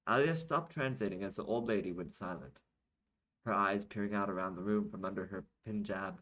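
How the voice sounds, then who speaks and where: A low-voiced man reads his own novel aloud, worn out after a night without sleep. He narrates steadily but breaks off now and then to correct himself or make a quick aside. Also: a bit bright, rough recording. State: tired from being up all night. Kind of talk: audiobook-style reading of a serialized novel.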